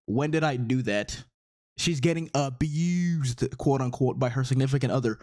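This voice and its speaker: A man's voice: medium pitch, moderate pace, darkish tone. A man giving an exasperated, profane rant as commentary on online posts, repeatedly incredulous. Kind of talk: ranting commentary on social media posts.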